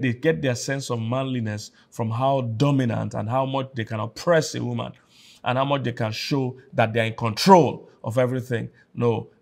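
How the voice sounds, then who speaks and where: A man's voice: medium pitch, vocal fry. A man with a Nigerian accent, preaching a sermon as pastor, emphatic and repeating key phrases. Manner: acts out quoted speakers in a raised voice.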